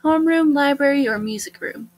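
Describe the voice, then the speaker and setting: A young woman hosts a let's play of a dating game, chatting casually and leading the way. She's bossy about the game and breaks into excited squeals. Her voice is high-pitched and a little fast.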